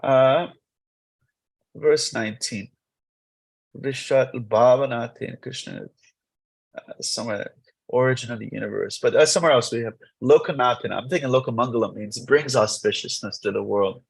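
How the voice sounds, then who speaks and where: A man teaching a morning scripture class in a temple, retelling an old legend in an animated, rambling way. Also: medium pitch, moderate pace, creaky, husky, poor audio. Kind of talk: lively storytelling scripture class.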